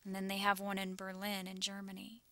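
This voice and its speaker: A woman's voice: medium pitch, completely flat delivery, brisk, sharp tone, slight background noise. A woman vlogging anxiously over a map, shaken and close to tears, often dropping into whispers. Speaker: YouTuber sharing visions.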